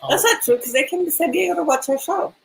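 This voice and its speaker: A woman's voice: very high voice, expressive, fast talker, vocal fry. A woman co-hosting a casual chat, teasing her partner and laughing often. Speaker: co-host.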